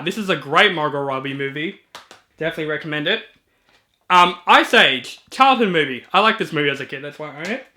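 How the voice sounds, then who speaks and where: A man reviewing movies in a casual video, chatty and enthusiastic, with filler ums and quick asides. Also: a little high, bright, forceful tone. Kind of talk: casual collection walkthrough.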